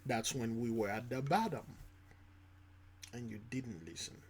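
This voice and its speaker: A man hosting his own channel, giving preachy reaction commentary, emphatic and repetitive, swinging between loud and soft. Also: mid-range voice, unhurried, a little hiss or hum. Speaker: channel host.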